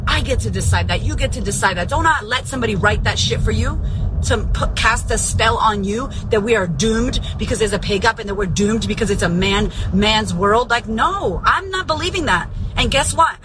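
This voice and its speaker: A woman's voice: a little high, background noise. A woman podcast host giving a fiery, profane motivational rant in a casual, emphatic way.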